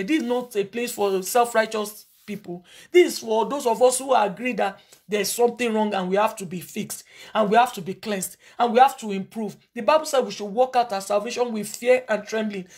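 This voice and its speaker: A woman pastor preaches and leads prayer with a fairly high voice. She speaks earnestly and pleads, repeating short lines of confession in rhythm. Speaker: pastor leading a prayer call. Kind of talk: sermon with led prayer.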